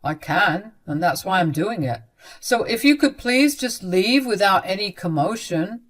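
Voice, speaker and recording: A woman voicing a dismissive young man who speaks in a flat, curt, matter-of-fact way. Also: medium pitch, unhurried. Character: cold adult son, a young man, dismissive.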